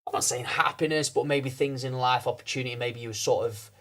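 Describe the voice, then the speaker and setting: A man's voice: medium pitch, steady tone, a little fast, fairly bright tone. Male podcast host, casual, loose rambling questions, lots of yeah yeah. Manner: rambling questions, constant affirming 'yeah, yeah'. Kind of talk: casual interview chat.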